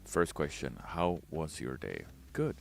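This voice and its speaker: A man's voice: a bass voice, big pitch swings, slow pace, creaky, faint music behind. A man hosting a casual live stream, reading chat messages aloud and answering them in a playful way. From Sweden. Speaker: streamer host. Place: home studio. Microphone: studio mic.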